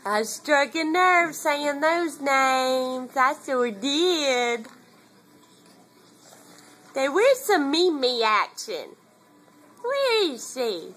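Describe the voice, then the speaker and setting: Slow, sing-song cooing woman. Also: high voice, sing-song, a bit bright. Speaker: parent filming a baby. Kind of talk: home video baby talk.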